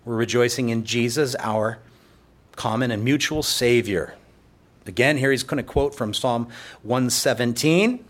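A pastor preaching a sermon in church, explaining scripture in a conversational way with playful asides. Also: male voice, medium pitch, measured pace.

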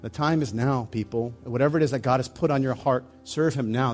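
A man preaching a sermon and leading a closing prayer, earnest and halting, with many restarts. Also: mid-range voice, darkish tone, faint music behind. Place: church meeting room.

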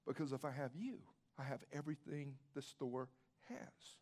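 Man putting on a shy little kid voice, halting, kinda soft. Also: medium pitch, lightly acted. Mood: earnest. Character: small boy, hesitant then sincere.

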